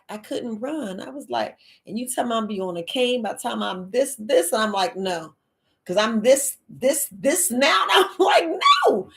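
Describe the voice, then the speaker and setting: A woman, hosting a live Q&A and telling a personal story in a casual, dramatic way. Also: on the high side. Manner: animated, dramatic, exclaiming quoted reactions. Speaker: live Q&A host.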